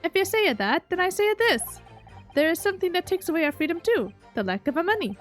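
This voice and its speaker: A woman's voice: extremely high pitch, sing-song, fast, faint music behind, pitched above the performer's own voice. A woman voicing a boisterous male criminal boss with a put-on Italian accent, swaggering and sing-song.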